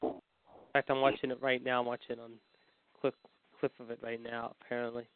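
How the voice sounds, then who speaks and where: A man's voice: mid-range voice, flat delivery, moderate pace, clear, resonant tone, no echo. A man co-hosting a wrestling podcast, reading the news in a rambling way and leaning on "however" and "apparently". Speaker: podcast co-host. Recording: dry, phone-like line.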